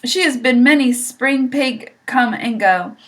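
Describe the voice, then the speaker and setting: Woman doing a wise storybook spider, calm, brisk, firm. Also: high-pitched.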